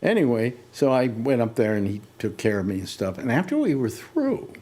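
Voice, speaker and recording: A man's voice: mid-range voice, very animated, a little fast, a little mellow. An older man hosting a casual talk show, rambling through stories with many restarts. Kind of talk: casual chat.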